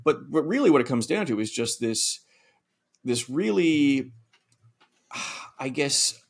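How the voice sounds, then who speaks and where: A man's voice: medium pitch, expressive, slow, gravelly, slightly rough. A man co-hosting a film podcast, speaking thoughtfully and reflectively in casual discussion. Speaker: podcast co-host.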